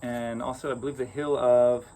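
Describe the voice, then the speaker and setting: A man's voice: medium pitch, level tone, moderate pace. A man telling an improvised folk tale in a loose, chatty way, with asides and restarts. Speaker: storyteller. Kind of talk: improvised oral storytelling. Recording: outdoor recording with loud crickets.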